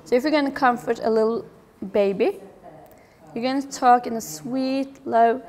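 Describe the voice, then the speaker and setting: A middle-aged woman giving a lively public talk about children's behaviour, with humorous asides. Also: a little high, normal speed. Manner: lively, acts out quoted voices, humorous asides.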